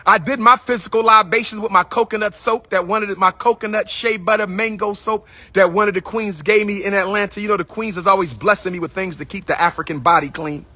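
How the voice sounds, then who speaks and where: Playful high-voiced man riffing on a livestream. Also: fairly even intonation, fast talker, few pauses, sharp tone, no room sound. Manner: playful, repetitive, sing-song calling out to viewers. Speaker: livestream host. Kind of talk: casual livestream talk to viewers. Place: indoors at his school building.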